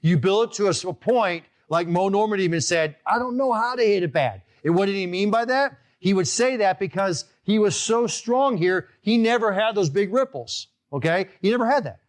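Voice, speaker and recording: High-voiced, emphatic male golf instructor. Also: moderate pace, hardly any pauses. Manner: energetic, emphatic, keeps asking "okay?". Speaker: golf instructor and show host. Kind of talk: live online golf lesson.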